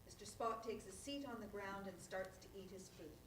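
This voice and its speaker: A woman reads the stage directions aloud at a live play reading, steady and plain in her delivery. Her voice sounds roomy and picked up from a distance. Faint background noise runs under the room sound. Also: mid-range voice, a little fast. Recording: echoey room, voice far from the mic.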